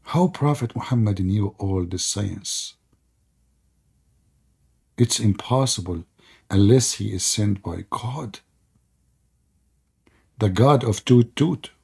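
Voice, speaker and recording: A man's voice: fairly low pitch, expressive, takes it slowly, creaky, long pauses, a little mellow, slightly rough. A man hosting a live online debate, mocking and sarcastic, laughing often and saying he is losing his voice. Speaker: debate host.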